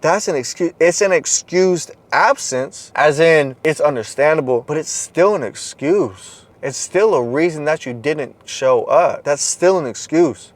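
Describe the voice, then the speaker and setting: A man's voice: animated, measured pace, few pauses. Intense, blunt motivational man. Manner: intense, blunt and profane, urging the listener; swings between loud exhortation and low, quiet stretches. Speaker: motivational content creator. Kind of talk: motivational monologue.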